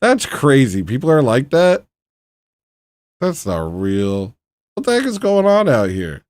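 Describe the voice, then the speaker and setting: A man's voice: mid-range voice, wildly swooping pitch, unhurried, darkish tone, no echo, clean studio sound. A man hosting a casual livestream, rambling and muttering to himself in a frustrated way. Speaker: livestream host.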